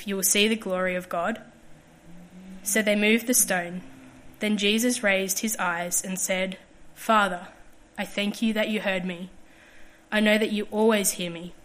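A woman reading a Bible passage aloud in a measured, steady way during a service. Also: mid-range voice, rough recording. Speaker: scripture reader.

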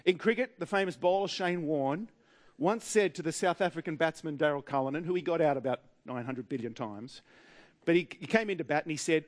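A man with an Australian accent preaching a sermon in a wry, humorous way, with dramatic pauses. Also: fairly high pitch.

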